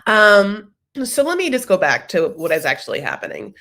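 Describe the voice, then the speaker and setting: A sassy woman hosts a casual TV recap, chatting animatedly. Her voice sits in a middle pitch, and she talks in an easy, playful way. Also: wildly swooping pitch, moderate pace, a bit bright. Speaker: host.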